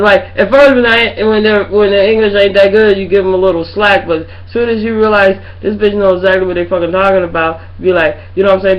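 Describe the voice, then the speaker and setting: A woman's voice: mid-range voice, dull audio. A middle-aged woman ranting to her webcam in a rambling, profane way, often asking if you know what she's saying. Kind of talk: casual rant to webcam.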